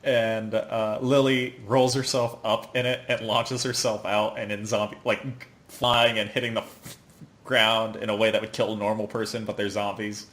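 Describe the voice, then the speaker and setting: A man's voice: lowish voice, flat delivery, normal speed, a bit bright. A man hosting a podcast, chatting casually as he recaps an anime episode, rambling with fillers, laughing often and putting on the characters' lines. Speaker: podcast host.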